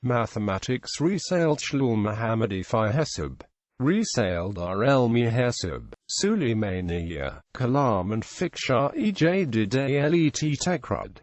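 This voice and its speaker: A man's voice: mid-range voice, sing-song, a little slow, no echo. Dry, evenly paced male narrator. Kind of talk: encyclopedia article read aloud.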